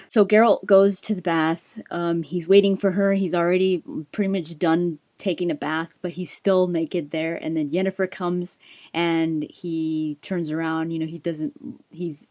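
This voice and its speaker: A woman's voice: lowish voice, a little mellow, no room sound. A woman chatting enthusiastically as she retells a fantasy book for a gaming video, laughing along.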